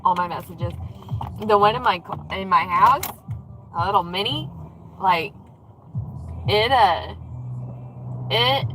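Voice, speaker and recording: Woman vlogger mid-drive, casual and profane, lively storytelling, light car noise. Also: mid-range voice, takes it slowly, long pauses, poor audio. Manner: chatty, swears freely, animated re-enactments. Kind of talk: casual livestream chat while driving. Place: in a car in traffic. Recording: faint road noise and rattles.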